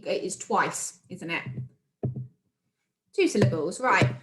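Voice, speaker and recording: Recorded in an echoey space, this remote lesson features a woman with a British accent teaching young primary pupils. Her voice is mid-range and expressive, at a moderate pace, as she sounds out words and cheers the children on.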